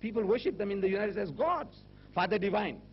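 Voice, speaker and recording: A man giving a public religious lecture as a Muslim speaker, rhetorical and animated, firing questions at his audience. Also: sits high, quick pace, soft background music. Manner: rhetorical, animated, with repeated questions and mocking quoted voices. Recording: dull lo-fi recording with faint hum.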